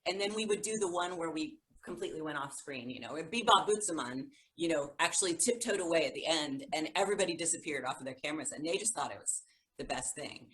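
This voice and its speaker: A woman's voice: sits low, low-quality recording. A woman co-hosting a music education podcast, talking enthusiastically about teaching and demonstrating sounds. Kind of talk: casual chat.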